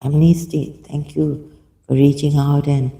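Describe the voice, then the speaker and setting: Man, gravelly, very slow, hesitant reading with commentary, many fillers. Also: on the high side, flat delivery, warm tone, low-quality recording. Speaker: video commentator. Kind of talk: halting reading aloud with commentary.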